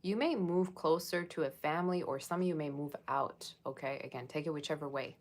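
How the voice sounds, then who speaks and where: A woman's voice: low voice, a little fast, a little hiss or hum. A woman giving a casual tarot reading, chatting and rambling straight to her viewers. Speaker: tarot reader.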